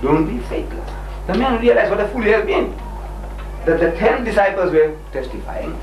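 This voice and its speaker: Animated older man debating in an echoey room. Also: high-pitched, moderate pace. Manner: animated, acts out quotes in voices, emphatic. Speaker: Muslim debater. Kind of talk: lively debate with a missionary. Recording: roomy, distant mic, faint noise.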